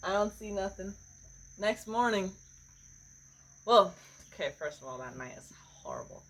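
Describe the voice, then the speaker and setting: A woman's voice: mid-range voice, expressive, moderate pace, a bit bright, low-quality recording. A woman telling a story in casual chat, rambling, with lots of "like" and "bro", laughing often. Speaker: podcast co-host.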